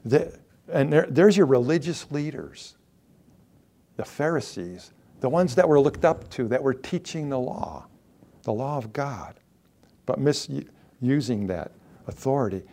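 A pastor preaching a sermon, his voice rising loud and dropping to near-whispers as he reads scripture and talks to the congregation. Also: mid-range voice, unhurried, long pauses. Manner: lively, rises loud then drops to near-whispers.

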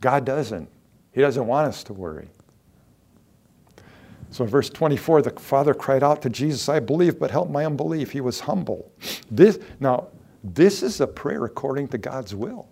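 Long pauses punctuate this pastor's unhurried, very animated sermon, voiced in a creaky mid-range tone. He preaches earnestly, dropping low for soft asides and swelling into loud declarations, frequently repeating words for stress.

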